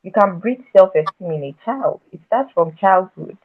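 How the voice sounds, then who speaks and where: A woman speaks as an interview guest, earnest and halting as she circles back and restarts her sentences. Her voice is pitched in the middle range. It comes through a narrow, tinny line that sounds like a phone call. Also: lively intonation. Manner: halting, with frequent restarts and repeated words; earnest and emotional when recounting her past. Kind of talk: personal storytelling in a conversation.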